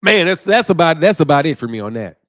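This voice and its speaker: Animated high-voiced man chatting casually. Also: fast. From Chicago. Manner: animated, loose slang-heavy talk, laughs often, mimics regional greetings. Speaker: boxing channel host. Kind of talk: casual livestream chat with viewers.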